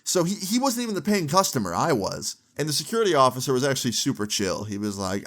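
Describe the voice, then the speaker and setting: A man's voice: mid-range voice, big pitch swings, fast, hardly any pauses, a bit bright. A young man telling a long story to camera in a casual, swearing, filler-heavy way. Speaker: storytime vlogger.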